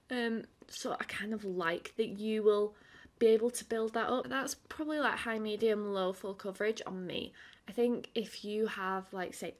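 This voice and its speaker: Chatty woman reviewing makeup. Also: mid-range voice. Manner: chatty, filler-heavy with frequent "like"; quieter and tired while applying makeup. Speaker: beauty vlogger.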